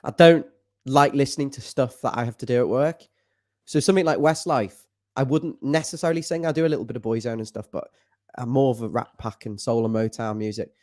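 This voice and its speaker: A middle-aged man talks casually and jokes easily, sometimes breaking into falsetto snatches of song. His voice sits at an ordinary middle pitch. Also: brisk, a little mellow. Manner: jokey, breaks into falsetto singing. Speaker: fan show co-host. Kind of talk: casual chat.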